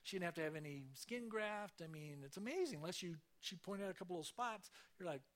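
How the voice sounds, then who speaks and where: A man speaks from a church stage, telling his stories in a casual, conversational flow. His voice sits a little high for a man. He acts out the voices he quotes with lively swings. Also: a little fast. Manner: conversational, animated storytelling with acted quotes. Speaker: church speaker giving testimony. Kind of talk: sermon testimony storytelling.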